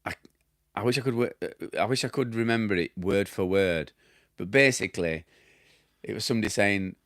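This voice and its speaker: A man's voice: lowish voice, normal speed, fairly bright tone, no echo, studio quality. A middle-aged man with a broad Yorkshire accent, chatting casually as he answers viewer questions, rambling, laughing at himself and losing his thread. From Yorkshire, England. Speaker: damp specialist and former plasterer answering viewer questions. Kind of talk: casual chat.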